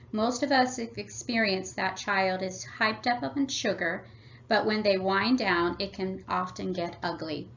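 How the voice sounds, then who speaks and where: A woman's voice: mid-range voice, a bit bright, slight background noise. Woman reading a workshop script, lo-fi. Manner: measured, instructive reading. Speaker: family workshop presenter. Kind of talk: scripted read-aloud presentation. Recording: slightly dull lo-fi audio.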